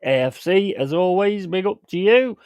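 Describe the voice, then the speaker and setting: A man's voice: high-pitched, expressive, normal speed, a little mellow, clear, resonant tone, dry recording. Sweary man ranting on stream. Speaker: streamer host. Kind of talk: casual livestream chat. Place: home.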